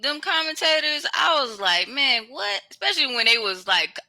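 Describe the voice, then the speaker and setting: Bright, lively co-host who laughs a lot and reacts fast; mid pitch with big swings. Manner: laughs often, quick reactive comments. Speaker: podcast co-host. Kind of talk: casual recap chat.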